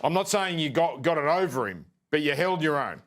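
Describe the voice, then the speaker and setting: A man hosting a podcast, reading out fan questions and joking with his guest in a relaxed way. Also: a little high, fairly quick. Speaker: podcast host. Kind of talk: casual chat.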